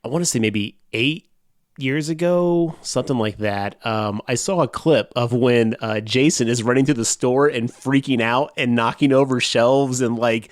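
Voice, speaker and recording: Laughing, animated man on a podcast. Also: medium pitch, normal speed, dry recording, studio quality. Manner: animated, jokey, breaks into laughter. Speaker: podcast co-host. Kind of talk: casual chat.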